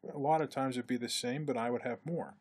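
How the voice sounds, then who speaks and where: A man with a husky, slightly breathy voice gives a relaxed lecture on leading teams. His pitch sits in an ordinary middle range. When he quotes other people, his voice lifts and grows livelier. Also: a little fast. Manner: conversational, acts out quoted speech with lifted pitch. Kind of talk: recorded lecture.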